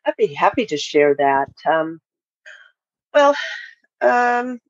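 A woman from Hawaii joins a podcast from home and tells her story, pausing often with fillers. Her voice is dry and a bit muffled, as on a remote call. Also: fairly low pitch, big pitch swings, no echo. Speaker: podcast guest. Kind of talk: casual interview, telling her story.

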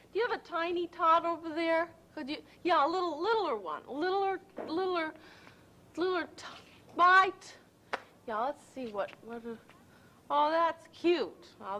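An actress playing a fussy, excitable woman in a children's TV sketch, gushing and stammering as she hunts for her missing little one. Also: extremely high pitch, heavily acted. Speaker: worried mother looking for her child.

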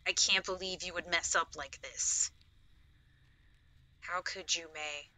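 A woman's voice: lowish voice, steady tone, takes it slowly, pushed and bright. A young woman streaming a game, giving casual commentary, jumpy and easily spooked, often laughing. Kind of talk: casual let's-play commentary.

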